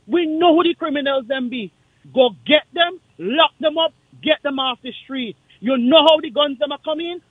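A man with a Kittitian accent calling in to a radio talk show, speaking in an impassioned, forceful, repetitive way. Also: very high-pitched, no room sound. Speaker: caller. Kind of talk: call-in radio rant. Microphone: phone line. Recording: tinny dry phone line.

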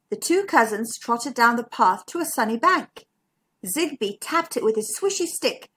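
A woman reading a children's picture book aloud in a slow, sing-song, expressive way. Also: on the high side, breathy edge. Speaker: children's storyteller.

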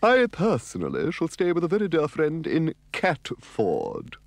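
A man's voice: fairly high pitch, wildly swooping pitch, a little slow, vocal fry, dry recording, pitched above the performer's own voice, full character voice. A man voicing a prim, fussy male creature for a storybook record, in an affected, posh manner.

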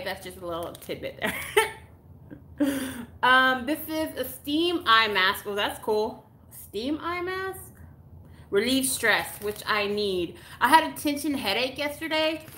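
A woman chats through an unboxing in a bright, fairly high voice, gasping and gushing over each item. She talks slowly and exclaims often, and the room around her sounds echoey. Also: lively intonation, slight background noise. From Texas. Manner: gushing, exclamatory, chatty, with gasps and laughs. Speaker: YouTuber unboxing mail. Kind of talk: casual live unboxing chat.

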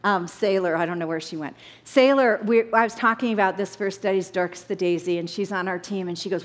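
Animated woman preaching in a big hall. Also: mid-range voice, brisk. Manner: animated preaching, scripture reading. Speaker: Bible study teacher. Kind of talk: sermon. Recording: echoey hall.

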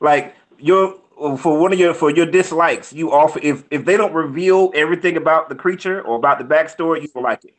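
A man's voice: fairly high pitch, a little fast, few pauses. A man co-hosting a movie review chat, teasing his friend playfully. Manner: teasing, animated, playful ribbing. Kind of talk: casual podcast review chat.

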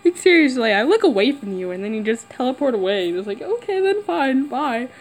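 A woman's voice: sits high, sing-song, brisk, low-quality recording. A woman playing a horror game and talking to herself, jumpy and nervous, squealing and giggling. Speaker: gamer. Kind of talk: horror game let's play commentary. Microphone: camera mic.

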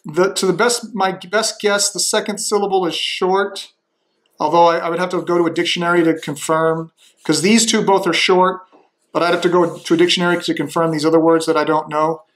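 A man thinking aloud as he slowly works through a demonstration, tentative and musing, with frequent restarts. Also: sits high, steady tone, fairly bright tone.

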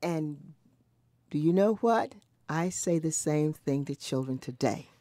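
Low, dark-voiced woman in her seventies. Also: animated, takes it slowly, no echo. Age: 70s. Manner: earnest, reflective, with many restarts. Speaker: interviewee. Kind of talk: recorded oral history conversation.

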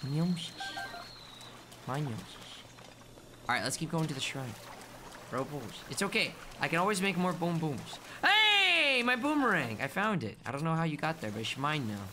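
A man's voice: fairly quick, background noise. A man streaming a video game in a playful, cutesy baby-talk manner, calling himself by a nickname, with game music behind him. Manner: swings between mumbling asides and high excited yelps. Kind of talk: live gameplay commentary.

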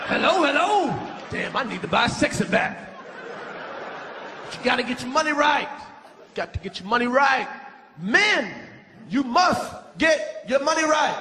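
High-pitched shouting stand-up comedian man. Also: normal speed, long pauses, big-room sound. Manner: loud, shouting punchlines, animated. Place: large theater stage before a laughing audience. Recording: live concert recording with crowd noise.

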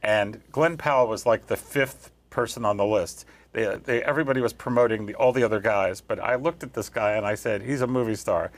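A man's voice: on the low side, a little fast, few pauses. A man on a film critics' panel giving rambling, enthusiastic recommendations. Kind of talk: panel film review chat.

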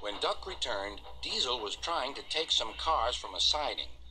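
A man narrating a children's story with an expressive, measured reading. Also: medium pitch, loud music behind the voice.

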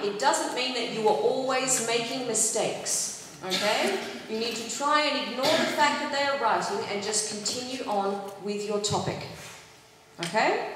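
A woman English teacher giving students clear, instructive advice on oral exams, often checking in with "okay?". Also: on the high side, a bit bright. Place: large hall with an audience. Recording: echoey hall, faint noise.

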